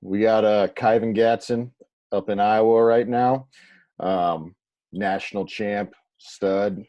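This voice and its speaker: A man's voice: on the low side, steady tone, takes it slowly, no room sound, highs cut off. A man hosting a casual interview, easygoing, with short prompts and questions. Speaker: interview host.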